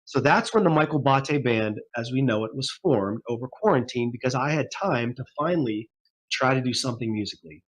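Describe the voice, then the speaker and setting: A man's voice: medium pitch, animated, brisk. A man in his forties, a guest musician telling his story in a rambling, casual interview, laughing often.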